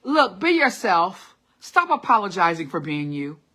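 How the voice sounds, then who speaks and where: A woman's voice: fairly low pitch, big pitch swings, unhurried, pushed and bright. A middle-aged woman hosting a live motivational talk, encouraging viewers with repeated short urgings and frequent laughter. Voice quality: classically trained singer. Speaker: host of a live motivational stream. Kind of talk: casual motivational talk reading live comments.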